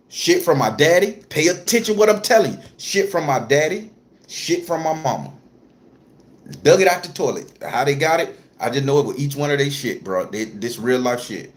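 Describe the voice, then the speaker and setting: A man telling a personal story to camera in a casual, profane way, repeating phrases for emphasis. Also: fairly high pitch. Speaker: spiritual content creator.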